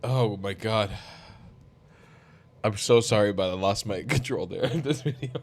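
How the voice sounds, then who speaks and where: A man's voice: fairly low pitch, measured pace, creaky. A young adult man hosting a reaction commentary, talking bluntly and mockingly, with frequent swearing. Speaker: commentary host.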